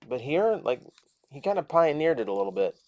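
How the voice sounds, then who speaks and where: A man's voice: on the high side, big pitch swings, a little fast, a little mellow. A man casually reviewing a toy, chatting and thinking aloud as he transforms it step by step.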